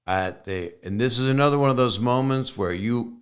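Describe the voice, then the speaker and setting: A man's voice: mid-range voice, normal speed, clear, resonant tone. A man in his sixties hosting a podcast, asking rambling, enthusiastic questions in casual chat. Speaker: podcast host.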